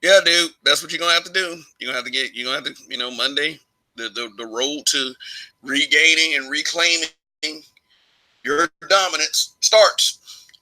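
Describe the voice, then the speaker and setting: A man's voice: a little high, a little fast, pushed and bright, rough recording. A man from Alabama giving his opinions in a casual vlog monologue, rambling, restarting phrases and chuckling often. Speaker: vlogger.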